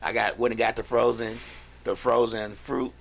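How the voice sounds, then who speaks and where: A man's voice: mid-range voice, flat delivery, creaky. A man co-hosting a casual radio podcast, joking and telling stories. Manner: laid-back, joking, drawn-out storytelling. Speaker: radio show co-host.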